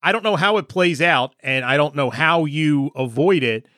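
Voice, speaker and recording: A man's voice: a little high, moderate pace, sharp tone, no room sound, clean studio sound. A man hosting an interview, asking direct conversational questions and adding his own commentary. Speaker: host.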